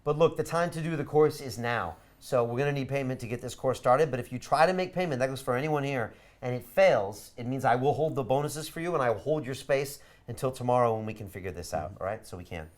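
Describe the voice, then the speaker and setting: A man hosting a live online course webinar, giving a punchy, persuasive sales pitch. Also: quick pace, hardly any pauses. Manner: energetic, emphatic, persuasive. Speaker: course host.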